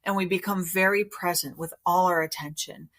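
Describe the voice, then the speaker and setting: A woman therapist, a guest on a podcast interview, explaining her approach in a calm, measured way. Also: lowish voice. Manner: calm, measured, explanatory, acts out inner voices.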